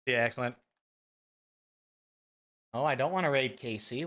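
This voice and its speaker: A man from Central California, chatting casually and excitably with viewers on a live stream. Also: medium pitch, a little slow. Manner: rambling, excitable, talks to chat. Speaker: fitness streamer.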